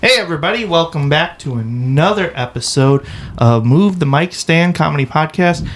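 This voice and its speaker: A man's voice: on the high side, lively intonation, normal speed, soft background music. A man co-hosting a comedy podcast in casual chat, teasing and joking. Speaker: podcast co-host.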